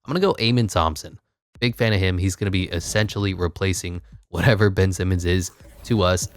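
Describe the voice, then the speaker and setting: Deep-voiced male gamer, dry close mic, sarcastic play-by-play. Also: a little fast, no room sound. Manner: wry, sarcastic, thinking aloud. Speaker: gaming YouTuber. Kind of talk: casual gameplay commentary.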